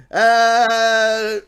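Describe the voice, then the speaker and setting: A man's voice: very high-pitched, fairly bright tone. A man with an Australian accent hosting a live quiz show, joking, laughing often and swearing freely. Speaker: quiz host. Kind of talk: casual live quiz banter.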